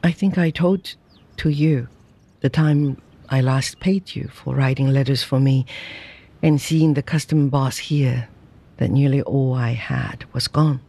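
A reader playing a grieving Chinese merchant father who speaks slowly and plainly, in a storybook reading. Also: mid-range voice, mellow, breathy edge. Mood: quiet. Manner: slow, sorrowful and plain-spoken. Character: grieving middle-aged Chinese merchant father, quiet and mournful.

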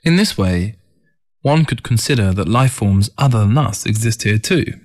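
A man with a somewhat low voice reads a first-person story aloud. His delivery is calm and reflective, in steady audiobook narration. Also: moderate pace.

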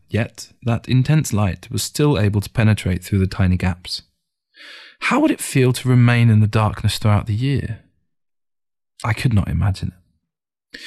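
A man narrating a first-person short story in a calm, measured, reflective reading. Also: on the low side. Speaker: audiobook narrator. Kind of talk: scripted narration.

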